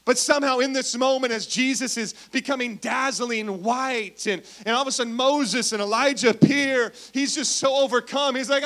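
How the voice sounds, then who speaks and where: A man's voice: extremely high pitch, normal speed, few pauses, fairly bright tone. A man preaching a sermon in a playful, storytelling way, often calling out questions to the congregation. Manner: playful, asks the crowd for responses. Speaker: pastor.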